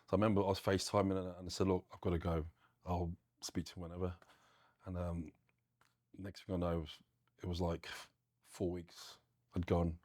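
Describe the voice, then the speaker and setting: Man, deep voice, dry close sound, earnest plain-spoken interview guest. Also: flat delivery, fairly quick, long pauses, a little mellow, no room sound. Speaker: guest, gym owner. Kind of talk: candid interview storytelling.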